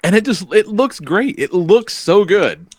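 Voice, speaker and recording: Middle-aged male podcast host, storyteller, laughs a lot, animated pitch, dry close mic. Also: measured pace, slightly rough, dry recording. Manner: profane, storytelling, laughing often. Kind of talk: casual chat.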